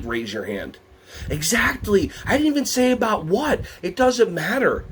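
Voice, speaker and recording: Animated male workshop presenter. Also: a little slow, slight background noise. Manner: animated, acts out quotes in high put-on voices; asks the audience questions. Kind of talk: lively teacher workshop talk.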